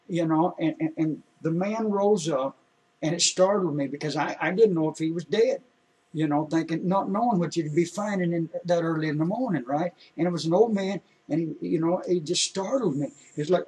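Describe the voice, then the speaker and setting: Man, husky, folksy storytelling, heard from a bit away from the mic. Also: fairly high pitch, moderate pace, distant mic, low-quality recording. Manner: folksy, repetitive, building excitement. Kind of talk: personal testimony storytelling.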